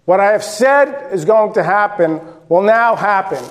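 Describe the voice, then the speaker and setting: A male preacher voicing a calm teacher who foretells his followers' failings. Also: sits high, a little slow. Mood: foretelling.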